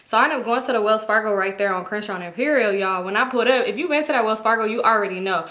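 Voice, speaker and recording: A woman telling a storytime vlog in a casual, animated, profane way, with chatty asides to her viewers. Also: mid-range voice, racing, few pauses. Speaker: YouTube storyteller.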